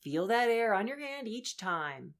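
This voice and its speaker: A young woman voice coach leading a lesson, upbeat and encouraging as she walks through breathing and vocal warm-ups. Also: on the high side, very animated, measured pace. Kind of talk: instructional voice lesson.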